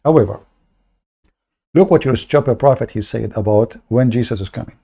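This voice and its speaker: A man hosting an online debate livestream, speaking in a mocking, sarcastic way with many halting fillers. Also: medium pitch, vocal fry, dark tone, breathy edge. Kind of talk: livestream commentary.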